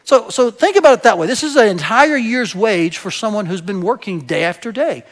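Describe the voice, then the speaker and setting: A man's voice: high voice, animated, a little fast. A man preaching a sermon as pastor, speaking conversationally to his church and often checking in with the congregation. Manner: conversational, asks the congregation "right?"; explains with everyday examples and some hesitations.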